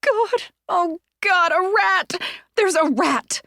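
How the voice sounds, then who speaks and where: A high, rattled young woman's voice, loud and breathless, as a woman narrator puts her on in a dry, close audiobook reading. She sounds shaken yet quick to anger. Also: expressive, no room sound, natural voice. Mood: terrified. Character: young woman homeowner, shaken then furious.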